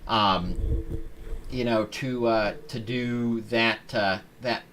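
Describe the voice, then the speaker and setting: Halting, rambling podcast host, a man. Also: mid-range voice, fairly even intonation, fairly bright tone, slight background noise. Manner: halting, rambling, with many fillers. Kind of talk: casual live-stream talk.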